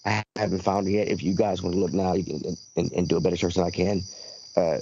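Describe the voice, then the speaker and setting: A deep-voiced man haltingly recaps a news story on a casual podcast, stumbling over words. The audio is dull and lo-fi with a faint hiss behind him. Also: level tone, darkish tone. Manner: halting, many fillers and restarts. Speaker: podcast co-host.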